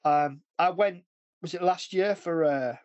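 A man's voice: fairly high pitch, a little slow, darkish tone, no room sound, dull audio. A man hosting a podcast in casual chat, rambling and chatty, often restarting sentences. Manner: rambling, chatty, often breaks into acted quotes. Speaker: podcast host.

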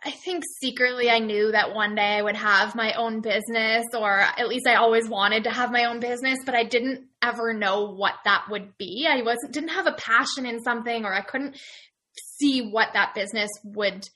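A woman's voice: fairly high pitch, normal speed, pushed and bright. A young Canadian woman, a small business owner, chatting as a guest in an upbeat, enthusiastic way. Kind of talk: casual interview chat.

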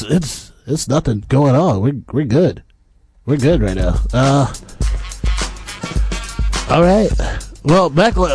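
A man with a fairly high voice gives a comedic traffic report from a nightclub. He rambles and wanders off topic, with faint music playing behind him. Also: darkish tone. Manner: rambling, easily sidetracked.

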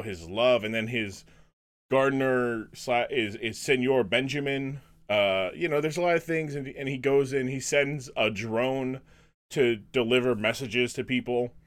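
In a casual podcast conversation, the male host rambles and stumbles, frequently restarting and using fillers. His voice is medium in pitch with a fairly bright tone.

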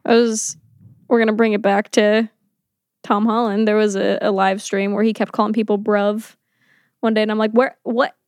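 A young woman co-hosting a movie podcast, quick and joking in casual chat. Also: medium pitch, flat delivery, a little mellow, clean tone, no echo, clean studio sound. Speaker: podcast co-host.

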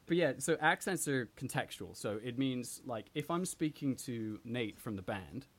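A man's voice: mid-range voice, animated, moderate pace. A young British man raised partly in America, with a mixed British and American accent, chatting as a podcast guest and explaining at length with many fillers. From Britain, raised partly in the US. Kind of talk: casual chat.

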